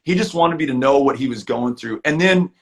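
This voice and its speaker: A man's voice: medium pitch, expressive, brisk, vocal fry. A man talking as a guest in a casual live video chat, earnest and reflective, often repeating words as he restarts.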